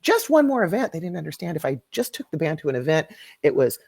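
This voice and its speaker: A woman's voice: low-pitched, very animated, fast talker, creaky, a little mellow, dry recording, studio quality. A woman who is a music educator, a podcast guest telling candid, self-mocking stories in casual conversation.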